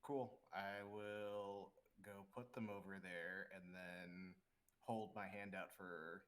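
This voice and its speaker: A man playing in a tabletop game, speaking in a relaxed, hesitant way. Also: deep voice, slow. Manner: laid-back, hesitant with "uh"s. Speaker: player. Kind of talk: casual tabletop play.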